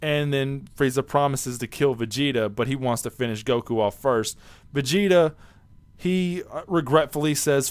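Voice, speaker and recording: A man reviews an anime episode casually, rambling excitedly and frequently restarting or correcting himself. His voice is mid-range and moderately paced, with a clean tone and no echo.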